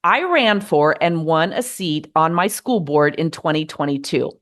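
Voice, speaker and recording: Calm, earnest American woman giving advice. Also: sits low. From United States. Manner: earnest, measured, gently encouraging. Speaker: podcast host. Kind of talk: reflective advice monologue.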